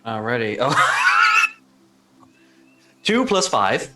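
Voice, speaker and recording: A man playing a tabletop game who keeps the chat light and playful. His pitch swings about in a lively way, with faint noise in the background. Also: very slow. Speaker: player. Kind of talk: casual tabletop game play.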